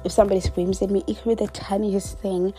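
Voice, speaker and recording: A woman's voice: mid-range voice, flat delivery, fast talker, dark tone, faint music behind. A woman in her twenties telling a storytime in a chatty, dramatic way, dropping into whispered asides. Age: 20s. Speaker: vlogger. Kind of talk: casual storytime monologue.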